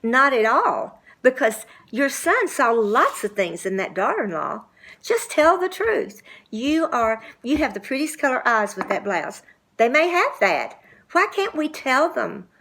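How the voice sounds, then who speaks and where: Older woman, church talk, homey storytelling, gently urging, slightly high voice. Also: very animated, unhurried. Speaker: church speaker.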